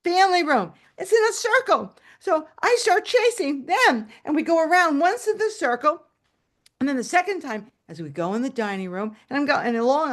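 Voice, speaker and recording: A woman's voice: high-pitched, moderate pace. A woman telling a story to an audience over a video call, acting out the scenes as she goes. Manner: animated, acts out scenes with shouted quotes.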